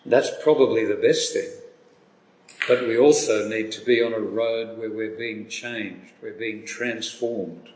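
Man, preacher, sermon, unhurried deliberate delivery, scripture reading, echoey room. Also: on the low side, slight background noise. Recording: echoey hall with long reverb.

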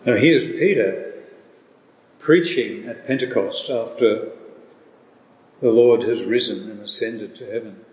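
Male preacher, unhurried, deliberate, in a reverberant church hall with long echo. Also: fairly low pitch, darkish tone. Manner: slow, deliberate delivery with rhetorical questions. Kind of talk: sermon.

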